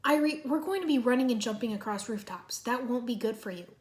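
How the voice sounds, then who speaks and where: A woman's voice: fairly high pitch, a little fast, darkish tone, natural voice. A woman voicing a sensible young male ninja who speaks earnestly.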